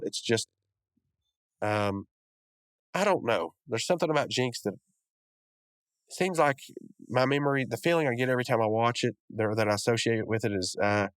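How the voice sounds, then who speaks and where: A podcast host with a mid-range voice, sounding a bit sick, gives a rambling, casual recap and review of a cartoon episode full of fillers and restarts. The recording is dry, with clean studio sound.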